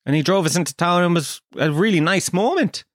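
A man's voice: sits high, animated, fairly quick, dry recording, clean studio sound. An Irish man from Kerry hosting a podcast, telling a comic story in a profane, self-deprecating way. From Kerry, Ireland. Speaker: podcast host.

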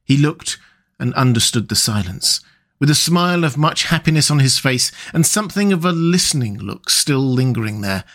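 A man reading a classic storybook aloud as narrator, calm, measured and gently expressive. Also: mid-range voice.

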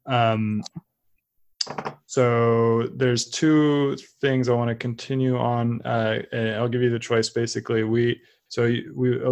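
A man's voice: medium pitch, a little mellow. A man hosting an interview, asking long questions with many hesitations and fillers. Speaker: podcast host. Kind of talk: conversational interview.

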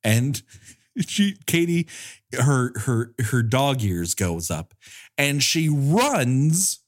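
A man hosting a podcast, recapping a bad movie with sarcastic, profane jokes and quick acted-out quotes. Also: medium pitch, sing-song. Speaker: podcast co-host.

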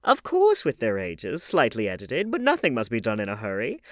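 A man reading an audiobook, voicing an elderly aristocratic hostess in a high, emphatic falsetto. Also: huge pitch swings, fast talker, fairly bright tone, no room sound, clean studio sound. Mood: scandalized gossip. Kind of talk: audiobook character voice.

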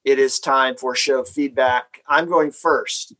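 A man hosting an education podcast, talking in a relaxed, chatty way with his co-hosts. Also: mid-range voice, low-quality recording. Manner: relaxed, chatty, reads sponsor copy quickly. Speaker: podcast host. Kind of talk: casual podcast chat.

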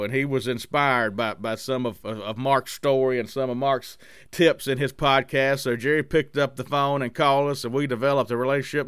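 A man's voice: mid-range voice, fairly bright tone, clear, resonant tone, no echo, clean studio sound. An enthusiastic man hosting a casual podcast interview, upbeat and friendly in manner. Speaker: podcast host.

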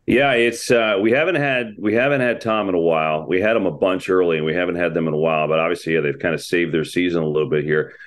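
A man with a very low, deep voice talks about athletes he works with. His speech is loose and rambling, full of restarts, fillers and slang, in an easygoing podcast chat. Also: steady tone, fast, few pauses. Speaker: sports broadcaster guest.

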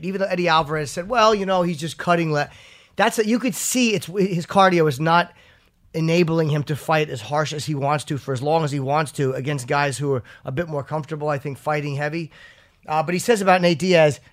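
Man, talk show host, fairly high voice, rambling, profane, casual, restarts sentences. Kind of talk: casual chat and live ad read.

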